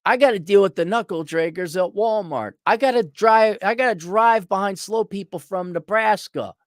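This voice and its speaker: A middle-aged consultant rants to camera, blunt and exasperated, and swears freely. His voice sits a little higher than most men's. The sound is dry and close, with no room echo. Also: normal speed. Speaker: consultant and vlogger. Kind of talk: profane angry rant to camera.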